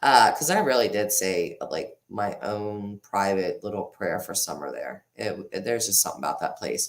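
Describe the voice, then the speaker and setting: A woman with a low voice that swings widely in pitch, hosting a casual live chat with her viewers. She rambles, starts sentences over, laughs often and reads comments out as she goes. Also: sing-song, moderate pace, hardly any pauses, fairly bright tone. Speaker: livestream host.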